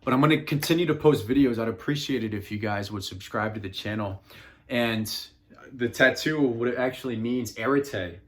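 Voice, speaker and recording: A man's voice: medium pitch, moderate pace, slight background noise. A man talking casually and earnestly to his phone camera from his home office, often repeating words and restarting his sentences. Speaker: self-help vlogger. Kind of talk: casual motivational monologue.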